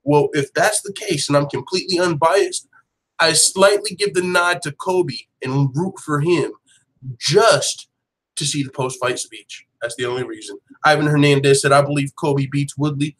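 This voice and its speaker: A man hosting a daily MMA show, talking in casual live commentary with slangy, profane, animated banter. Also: fairly high pitch, normal speed, rough recording.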